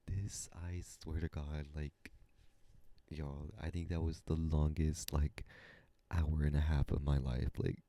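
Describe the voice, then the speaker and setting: A young man hosts a casual storytelling podcast in a deep, gravelly voice. His tone is dark and mellow, with a rough fry running through it. He talks in an animated, profane and dramatic way, dropping to a whisper now and then. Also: measured pace. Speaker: podcast host.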